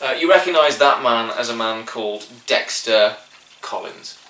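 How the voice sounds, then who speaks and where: A man's voice: medium pitch, expressive, moderate pace, fairly bright tone. A man narrating a tabletop game as game master, hesitant and full of filler. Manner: hesitant, full of "sort of" and restarts. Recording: echoey room, mic at a distance.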